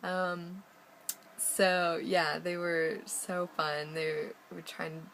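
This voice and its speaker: A woman's voice: lowish voice, little pitch movement, extremely slow, a bit bright, slight background noise, poor audio. A young American woman chatting casually in a video diary, rambling with lots of ums and little laughs. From United States. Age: young adult. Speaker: vlogger.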